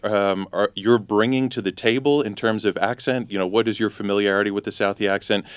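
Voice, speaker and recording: A man interviewing theatre people, asking measured, thoughtful questions. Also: lowish voice, clear, resonant tone, no echo. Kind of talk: conversational interview.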